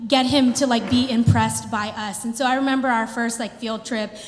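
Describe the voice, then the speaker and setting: A woman in her thirties performing a stand-up comedy routine, telling an animated story with playful put-on quotes. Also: on the high side, normal speed, faint music behind. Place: theater stage before a live audience. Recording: reverberant hall with faint ambience.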